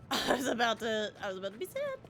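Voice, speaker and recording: A woman's voice: fairly high pitch, wildly swooping pitch, a little fast, fairly bright tone, soft background music. A young woman with a Southern US accent, chatting casually and bubbly while streaming a game, laughing easily. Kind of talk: casual livestream chat while gaming.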